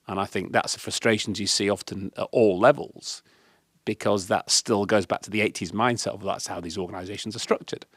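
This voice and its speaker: A man from the UK on a discussion panel, telling emphatic, animated stories about leadership. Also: on the low side, brisk, no echo, studio quality. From United Kingdom. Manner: emphatic, animated anecdotes with acted quotes. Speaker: guest speaker on leadership.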